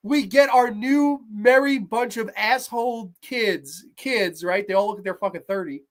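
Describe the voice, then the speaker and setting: A woman in her thirties hosting a horror movie review show, ranting with heavy profanity and sarcasm, swinging between low mutters and sudden shouts. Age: 30s.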